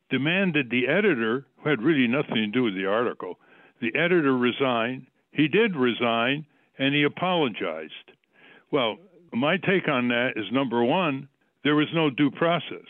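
A man's voice: medium pitch, lively intonation, normal speed, no echo. A man hosting a radio talk show, interviewing a guest and arguing his case in numbered, emphatic points. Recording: dry tinny phone-like line.

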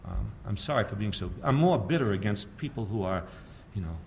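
A man's voice: fairly low pitch, lively intonation, fairly quick, gravelly, a little mellow, slight background noise. Sardonic older man lecturing. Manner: sardonic, storytelling, asks the audience rhetorical questions. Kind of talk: public lecture.

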